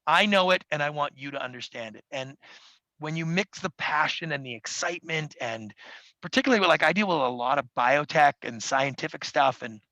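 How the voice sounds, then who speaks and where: A man who is a podcast guest and TV producer, talking animatedly and acting out quoted people in quick voices. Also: on the high side, expressive, sharp tone, no room sound, low-quality recording. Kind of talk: animated interview talk. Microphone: studio mic.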